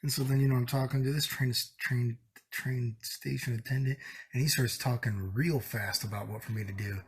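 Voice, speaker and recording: A man's voice: medium pitch, steady tone, normal speed, slightly rough. A young man vlogging casually, sick and exasperated, rambling profanely about a bad day. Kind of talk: casual vlog rant.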